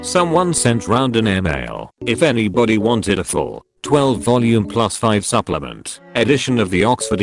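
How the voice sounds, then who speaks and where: A computer-generated male voice reading short forum posts aloud one after another, in an evenly paced synthetic delivery. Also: lowish voice. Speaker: text-to-speech narrator. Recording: clear music bed behind the voice. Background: background music.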